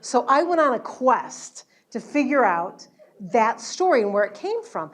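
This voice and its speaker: A woman, an educational entertainer, chatting and telling stories to an audience at an event after her show. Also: sits high. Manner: chatty, warm storytelling with laughs. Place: event hall at a luncheon.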